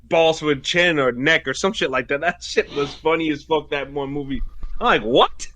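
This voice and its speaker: Bright, blunt man joking on a podcast. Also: fairly high pitch, moderate pace. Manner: blunt, profane, animated joking. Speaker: podcast co-host. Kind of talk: casual chat.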